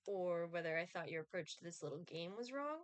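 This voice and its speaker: A woman's voice: fairly low pitch, expressive, brisk, clear, resonant tone, no room sound, close to an everyday voice. A woman reading aloud the lines of a sardonic, aloof male Reaper from a dating game, with a dry, condescending delivery. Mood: teasing.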